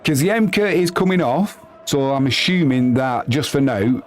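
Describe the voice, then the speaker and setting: A man doing chatty live football commentary, reading out viewer messages and yelping with excitement at goals. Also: moderate pace, a little hiss or hum. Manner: chatty and excitable, bursting into high yelps at goals.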